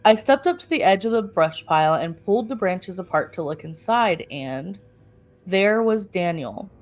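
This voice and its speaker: A woman's voice: medium pitch, very animated, measured pace. Woman reading a story with laughing asides. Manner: reads aloud with laughing asides and self-corrections. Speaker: podcast co-host reading a story. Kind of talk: casual storytelling podcast.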